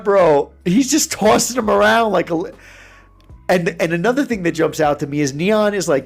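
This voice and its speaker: Animated man breaking down a clip. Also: high-pitched. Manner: animated, chuckling often. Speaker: commentator. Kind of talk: reaction commentary.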